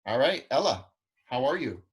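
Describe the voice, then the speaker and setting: A man running an acting class over a video call, speaking at a middle pitch. He gives students direct, encouraging notes and practical tips about staying in character. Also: sing-song, moderate pace, husky. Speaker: acting coach. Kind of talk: online acting class feedback.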